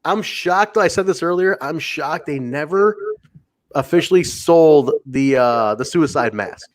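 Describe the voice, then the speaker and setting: A man from the Midwest hosts a casual podcast, full of sarcastic teasing and quick laughs. His voice sits a little on the high side for a man. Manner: sarcastic, animated banter with laughs. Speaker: podcast host. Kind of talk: casual wrestling podcast chat.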